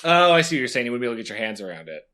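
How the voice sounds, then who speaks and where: A man co-hosting a podcast, chatting casually with quick reactions and lots of fillers. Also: medium pitch, big pitch swings, sharp tone. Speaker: podcast co-host. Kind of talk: casual chat.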